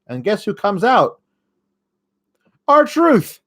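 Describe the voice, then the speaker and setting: A man's voice: mid-range voice, lively intonation, measured pace. A man hosting a casual solo recap show, rambling and sarcastic, with frequent fillers and swearing when annoyed. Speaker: host.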